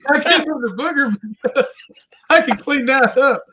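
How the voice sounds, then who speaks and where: A man's voice: very high-pitched, normal speed, crowd noise. A man joking and telling stories in casual chat, laughing through his lines.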